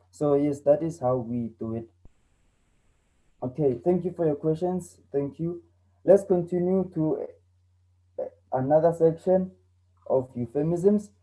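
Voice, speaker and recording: Earnest young male teacher, dark tone. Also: a little high, poor audio. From South Africa. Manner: earnest, repeats himself when explaining. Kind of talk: online English lesson.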